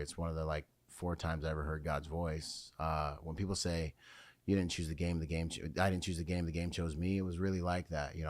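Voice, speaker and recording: A man's voice: low-pitched, no room sound. A man talking as a podcast guest, telling his life story candidly with plenty of fillers and restarts. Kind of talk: conversational storytelling.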